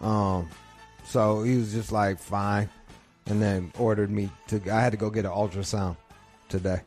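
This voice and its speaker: A man's voice: lowish voice, steady tone, normal speed, darkish tone, faint music behind. A man hosting a podcast from home, telling profane, rambling comic stories. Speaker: podcast host. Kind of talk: crude comedic rant. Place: home couch.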